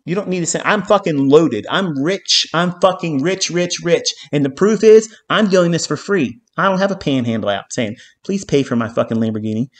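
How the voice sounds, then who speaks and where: A man's voice: a little high, lively intonation, normal speed, hardly any pauses. A man ranting profanely at viewers. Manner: heated, profanity-laden ranting with repeated phrases; emphatic, hammering points with "okay?". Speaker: trading educator and live streamer. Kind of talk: profane live-stream trading lecture.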